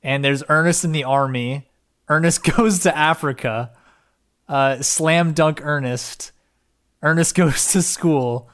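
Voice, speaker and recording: Young male podcast co-host, excitable, rambling, casual cursing, relaxed chat. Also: on the high side, takes it slowly.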